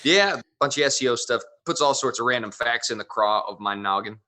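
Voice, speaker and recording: Guy in his 30s, comedian guest, bright voice, chatty wordy storyteller. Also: medium pitch, animated, a little fast. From Wyoming. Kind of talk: casual interview chat.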